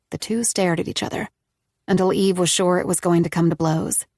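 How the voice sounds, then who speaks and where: Audiobook narrator, woman: gravelly, steady, dry close sound. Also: lowish voice, fairly quick, dry recording.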